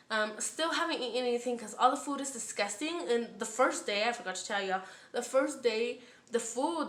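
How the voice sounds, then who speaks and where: A woman chats through a story in a casual vlog, in a slightly high voice, cursing freely and acting out what people said. Her speech is full of "like" fillers. The recording sits in a noticeably echoey room. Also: fairly bright tone. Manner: chatty and profane, full of "like" and acted-out quotes. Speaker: storytime vlogger.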